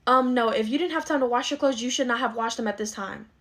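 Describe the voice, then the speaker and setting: Comedy skit: woman as a scolding, son-favoring mother, fast talker, slightly high voice. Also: a bit bright. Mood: bossy. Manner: scolding, dismissive, indignant. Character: bossy middle-aged mother who dotes on her son. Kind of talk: skit role-play.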